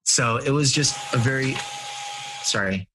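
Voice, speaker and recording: A middle-aged man, a guest in an interview, telling personal stories in an earnest, animated way and laughing at himself. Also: mid-range voice, unhurried, music in the background. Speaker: interview guest, family and business coach. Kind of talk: conversational storytelling.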